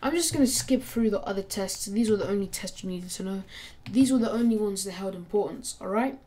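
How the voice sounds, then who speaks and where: A woman's voice: mid-range voice, a little fast, warm tone. A woman casually narrating a fan story in a slangy, profane, rambling way.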